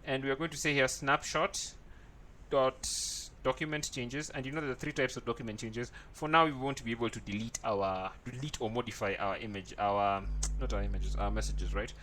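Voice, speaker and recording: A man's voice: medium pitch, steady tone, a little fast, fairly bright tone, slight background noise. A man teaching a coding tutorial, thinking aloud as he types and often checking in with "right?". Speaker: programming tutor. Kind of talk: screen-recorded coding tutorial.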